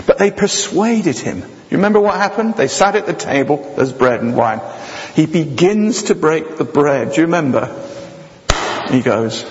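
A man preaching a sermon with jokey asides, swinging between loud, high passages and low, quiet ones. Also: expressive, slow, a little hiss or hum. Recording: dull sound with long hall reverb.

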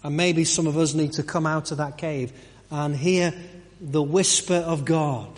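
A man's voice: fairly high pitch, fairly even intonation, unhurried, big-room sound. A man giving a conversational sermon, full of restarts and rhetorical questions. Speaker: preacher. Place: church.

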